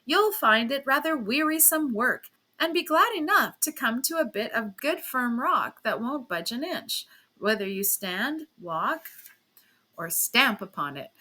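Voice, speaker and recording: A woman voicing a blustering, hearty young gentleman who speaks loudly and teasingly to his wife. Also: sits high, animated, measured pace, heavily acted. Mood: boisterous. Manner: loud, teasing, boastful.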